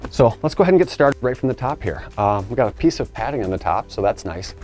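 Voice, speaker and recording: A man's voice: mid-range voice, lively intonation, fast talker, a little mellow, soft background music. A middle-aged man, an engineer, chatting enthusiastically as he unboxes a 3D printer and explains each step. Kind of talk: casual unboxing vlog.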